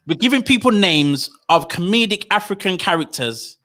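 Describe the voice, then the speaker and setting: A man talks fast and loose as a podcast co-host, tumbling through restarts and slang. His voice has a bright, clear edge to it, and he sounds keen and animated throughout. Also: sits high. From United Kingdom. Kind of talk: casual chat.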